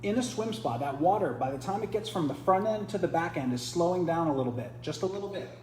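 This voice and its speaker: A fairly high, expressive male voice with a somewhat dark tone speaks quickly, with a faint hiss or hum in the background. He is a triathlon coach hosting a live product demo next to a swim spa, chatting and explaining as he goes while restarting his sentences.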